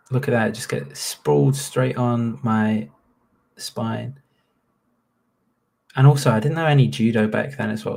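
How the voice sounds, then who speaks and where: A man's voice: mid-range voice, fairly even intonation, moderate pace, creaky, darkish tone, husky. A man in his late twenties with a Northern English accent, rambling and swearing through casual reaction commentary. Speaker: YouTuber.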